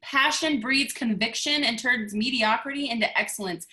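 A man's voice: very high-pitched, moderate pace, pushed and bright, heavily acted. A woman reading as Columbus, a bold explorer. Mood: earnest. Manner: preachy, declaiming read-aloud. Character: bold self-assured male explorer, Columbus. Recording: echoey video call.

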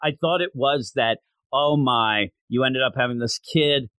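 Excitable man hosting a review podcast. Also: medium pitch, unhurried, dry recording. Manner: animated, excitable storyteller acting out quotes. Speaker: podcast co-host. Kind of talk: casual manga review chat.

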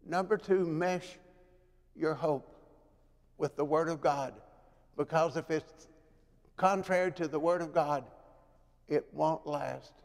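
A man preaching a sermon in a church, dramatic, moving from loud pleading to hushed, quiet lows. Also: slow, creaky, pauses often. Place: church sanctuary. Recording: long reverb of a church hall.

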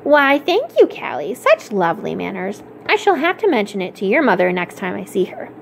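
A woman's voice: mid-range voice, huge pitch swings, moderate pace, creaky, a little hiss or hum. A woman reading aloud, voicing a prim older society lady in a sugary, overly polite way. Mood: gushing.

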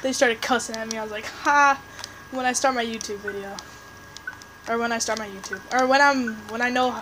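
A woman chatting through a game session as commentator, rambling and excitable, tossing jabs at other players. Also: fairly high pitch, fast talker, very noisy. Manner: rambling, excitable, trash-talking teammates; restarts and fillers, chatty. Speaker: gameplay commentator. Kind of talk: casual live game commentary.

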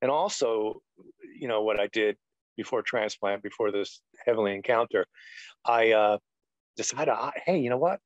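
Speaking at a normal speed in a lowish voice, a retired pastor in middle age gives his testimony during an interview. He wanders earnestly from point to point, saying "you know" a lot. The audio is lo-fi, dull and dry.

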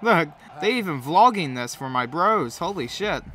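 A man's voice: on the high side, very animated, moderate pace, bright, forceful tone. A man with a cold giving profane, joking play-by-play commentary while playing a game. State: has a cold. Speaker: gamer commentator.

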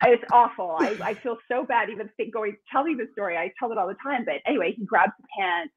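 A woman guest, an author and speaker, telling a lively story in conversation over a remote call. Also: medium pitch, quick pace, a crowd in the background. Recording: tinny phone-line sound.

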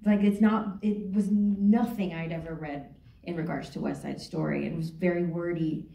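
Lively woman telling a story in a theater. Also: lowish voice, moderate pace, gravelly. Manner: lively storyteller, laughing often. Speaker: actress guest. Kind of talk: onstage conversation. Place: theater stage, roomy hall. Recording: echoey theater, distant mic.

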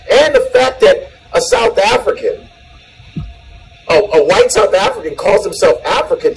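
A man, a comedian born in the United States, ranting in an animated, profane way with shouted peaks. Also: sits high, rough recording. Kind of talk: comedic rant in a played clip.

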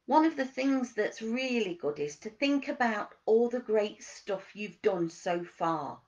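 Lady coach doing a wellness talk, slow and steady, lots of gentle questions, leans on the key words. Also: mid-range voice, dull audio.

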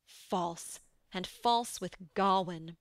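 A woman's voice: lowish voice, drawn-out words, no echo, clean studio sound. A woman reading the part of an anguished young knight who cries out in bitter accusation, in a storybook reading. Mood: raging. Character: anguished young male knight, wild with betrayal.

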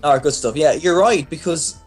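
A man's voice: a little high, a little fast. Teasing man guesting on game commentary. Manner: teasing, chatty. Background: faint game music.

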